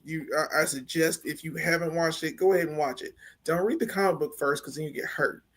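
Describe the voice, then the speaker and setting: A man co-hosting a casual movie review podcast, ranting animatedly with big swings from loud to quiet. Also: on the high side, a little fast. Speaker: podcast co-host.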